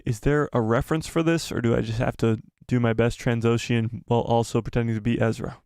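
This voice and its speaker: A man hosting a casual live stream, excitable, swearing and reading the chat aloud. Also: medium pitch, a little fast, clean tone, dry recording, clean studio sound.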